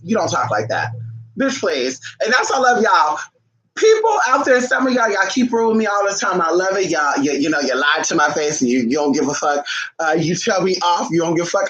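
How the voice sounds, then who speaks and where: A man giving spiritual advice on a casual livestream, blunt, profane and animated as he acts out his viewers' questions. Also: sits high, brisk, highs cut off.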